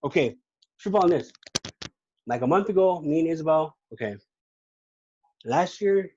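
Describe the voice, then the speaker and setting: A man's voice: on the high side, lively intonation, unhurried, a little mellow, highs cut off, a little hiss or hum. A man telling a personal faith story in casual talk as a podcast guest, rambling with many restarts. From California. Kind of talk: casual testimony.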